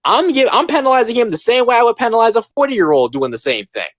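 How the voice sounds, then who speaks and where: Animated ranting young man, dry sound. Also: very high-pitched, fast talker, no echo. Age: 20s. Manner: emphatic, ranting, repeats points. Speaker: podcast host. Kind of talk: casual opinion podcast.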